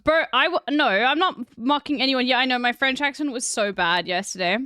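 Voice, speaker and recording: A woman's voice: high-pitched, fairly quick, bright, forceful tone, clean tone, no room sound, clean studio sound. Rambling woman streamer chatting. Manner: rambling, with many fillers. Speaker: streamer and voice actor. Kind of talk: casual live-stream chat.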